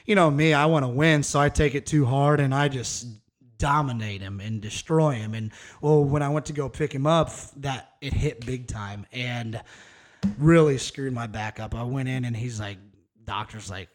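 A man's voice: medium pitch, normal speed. A man in his thirties hosting a solo podcast, talking in a candid, rambling, profane and casual way. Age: 30s. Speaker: podcast host.

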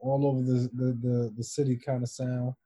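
A man's voice: medium pitch, flat delivery, normal speed, dark tone, breathy edge, no echo. A man co-hosting a casual podcast chat, throwing in dry joking asides. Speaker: podcast co-host.

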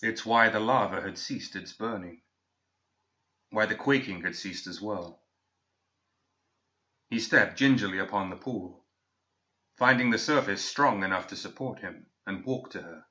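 A man reading a fantasy story aloud in a measured, steady way, as scripted narration on a dull lo-fi recording. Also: lowish voice.

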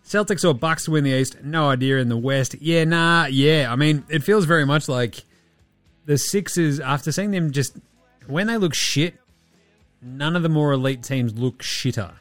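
A man's voice: a little high, normal speed, a bit bright, no room sound, faint music behind. A man hosting a podcast in casual sports chat, blunt, joking and swearing freely. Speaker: podcast host.

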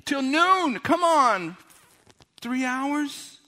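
Guy preaching, really lively, swoops all over, high bright tone. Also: very slow. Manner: animated, ringside-announcer bursts and asides; drops to quiet, intimate tones. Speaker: pastor. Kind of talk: sermon.

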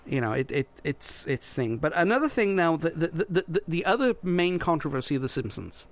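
A man's voice: a little high, big pitch swings, a little fast. A man co-hosting a podcast in casual chat, often restarting and repeating his words. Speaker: podcast co-host.

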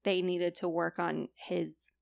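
A young woman with a lowish, gravelly voice talks casually as a podcast co-host. She retells stories by acting out who said what, leaning on "like" as a filler. The sound is close and dry. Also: little pitch movement, takes it slowly, no room sound. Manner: chatty, retells stories with quoted dialogue, many "like" fillers. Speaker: podcast co-host presenting a report. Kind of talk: casual chat.

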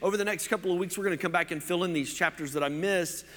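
A pastor from Oklahoma preaching a sermon in a chatty, joking way, full of casual fillers. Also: male voice, sits high, fast talker, fairly bright tone, in a large hall. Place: church.

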